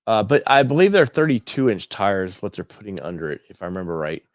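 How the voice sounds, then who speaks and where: A man's voice: on the low side, sing-song, fairly quick, no room sound, studio quality. A man hosting an automotive channel, talking casually and thinking aloud while he browses a website, with many fillers and restarts.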